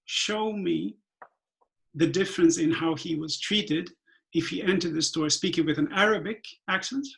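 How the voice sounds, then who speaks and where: A man's voice: fairly high pitch, normal speed, vocal fry, a bit bright, poor audio. A man from Sweden whose first language is Swedish, speaking thoughtfully on a virtual panel over a video call, often restarting and filling with "like" and "um".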